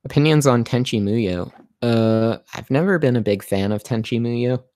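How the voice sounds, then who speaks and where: A man hosting a casual livestream and answering viewer questions, halting and full of fillers, his voice worn and going hoarse. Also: medium pitch, lively intonation, a little mellow, dry recording, clean studio sound. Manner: halting, many fillers and restarts. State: losing his voice.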